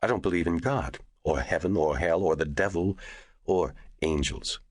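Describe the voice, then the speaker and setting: A man's voice: deep voice, normal speed, breathy edge, dry recording, studio quality. A man voicing an arrogant, irritable rich media mogul who speaks in a raised, demanding voice. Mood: boastful.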